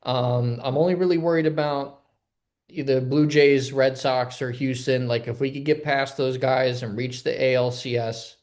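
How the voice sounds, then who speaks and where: A man co-hosting a casual sports podcast, talking in a relaxed way with lots of "um"s. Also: medium pitch, moderate pace. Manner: laid-back, filler-heavy. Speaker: podcast co-host.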